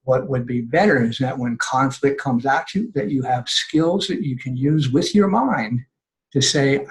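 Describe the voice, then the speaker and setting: An older man, a guest on a podcast, talks in an earnest, conversational way as he explains his advice. His voice sits in a middle pitch and now and then he acts out what people say in livelier tones. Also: expressive, unhurried, rough recording.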